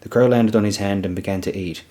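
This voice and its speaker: Low-voiced man reading an audiobook. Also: fairly even intonation, fast talker, warm tone. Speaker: audiobook narrator. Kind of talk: audiobook narration.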